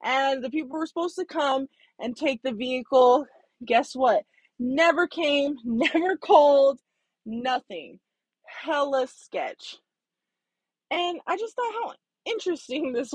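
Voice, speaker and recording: High-voiced woman telling a story. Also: slow, no echo. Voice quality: expressive, swings between hushed and loud. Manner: candid, swears for emphasis. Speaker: vlogger. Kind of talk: casual storytelling monologue.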